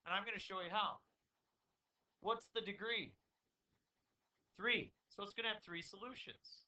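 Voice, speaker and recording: A man teaching a math lesson to a classroom, talking to his students in an informal way with quick asides. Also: sits high, sharp tone, lo-fi sound. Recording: distant classroom recording with faint noise.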